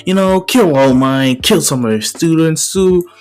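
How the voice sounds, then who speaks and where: A man's voice: a little high, a little slow, a little mellow, clean tone, faint music behind, lightly acted. A man voicing a sneering, gloating young male villain in a casual fan story, smug and menacing.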